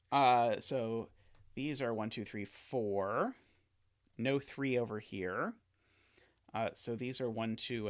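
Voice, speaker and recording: A man streams himself solving a sudoku, talking through each step out loud. He keeps catching his own mistakes and taking them back, and he tosses in playful remarks to his viewers. His pitch swoops lively up and down as he works. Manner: talks to himself, corrects himself often, playful asides. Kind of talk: live-streamed puzzle solving, thinking aloud.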